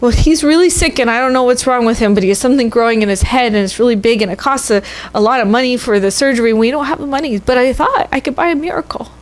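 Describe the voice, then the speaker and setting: A woman's voice: on the high side, quick pace, few pauses, pitched above the performer's own voice, lightly acted. A woman voicing an earnest, determined eight-year-old girl in a sermon story, pleading in a breathless rush.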